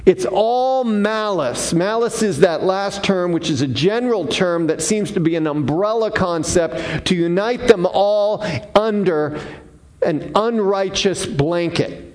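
A man preaching a sermon, defining terms one by one with deliberate, emphatic pauses. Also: high-pitched, animated, a little mellow. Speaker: pastor.

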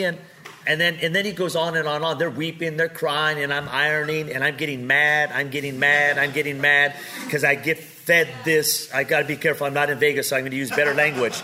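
A man preaching with comic storytelling, animated and joking, swinging from loud to quiet. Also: fairly high pitch, fairly quick, slight background noise.

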